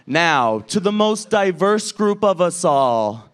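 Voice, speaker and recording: A man's voice: high-pitched, big pitch swings, slow, clear, resonant tone. A man hosting a drag comedy show, doing stand-up crowd work on a club stage in a brash, profane way as he teases the audience.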